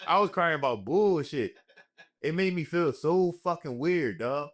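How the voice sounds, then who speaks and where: A man's voice: fairly high pitch, lively intonation, unhurried, a bit bright. A young man, a comedian hosting a casual podcast, telling profane stories with bursts of put-on voices. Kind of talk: casual storytelling chat.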